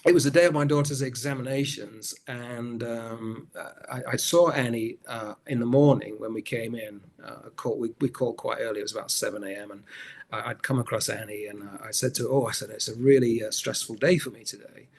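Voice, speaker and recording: A middle-aged man, an actor as a guest, telling stories in a relaxed interview, often restarting his sentences. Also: medium pitch, fairly quick. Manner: rambling storyteller, many restarts. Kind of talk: anecdotal interview chat.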